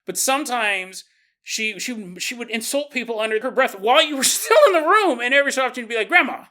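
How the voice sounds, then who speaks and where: A man hosting a podcast, telling a story in a casual, animated way and joking and laughing as he goes. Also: very high voice, fast. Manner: animated, jokey, laughs often. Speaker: podcast host.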